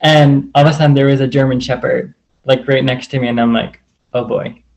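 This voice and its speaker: A man's voice: mid-range voice, steady tone, fast talker, creaky, darkish tone, poor audio. A man on a video call telling a personal story in a rambling way, full of "like" and acted-out quotes. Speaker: group call participant.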